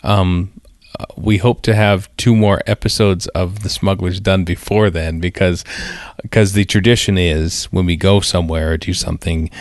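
A man's voice: sits low, fairly even intonation, normal speed, no echo, clean studio sound. A man co-hosting a podcast, chatting casually and rambling through his thoughts with lots of fillers and restarts. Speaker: podcast co-host. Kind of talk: casual chat.

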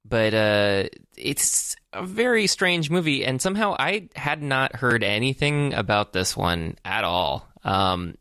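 A man's voice: medium pitch, big pitch swings, measured pace, few pauses, sharp tone, clear, resonant tone, dry recording, studio quality. A man co-hosting a casual movie podcast, talking in a rambling, hesitant way with many fillers and restarts. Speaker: podcast co-host.

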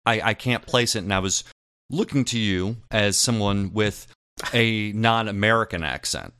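A man's voice: lowish voice, moderate pace, clean tone, dry recording, clean studio sound. A man co-hosting a podcast, casually chatting and eagerly asking questions. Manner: animated, probing questions. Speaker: podcast co-host. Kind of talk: casual chat.

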